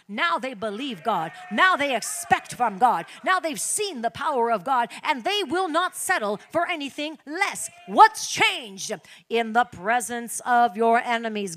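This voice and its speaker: A woman preaching a sermon with fervor, moving from low, quiet asides to shouted hallelujahs and exclamations. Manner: drops to low, quiet asides between loud bursts.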